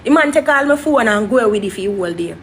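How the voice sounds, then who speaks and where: A young woman, a guest telling her story in an interview in an animated, dramatic way. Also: mid-range voice, quick pace, a little hiss or hum. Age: young adult.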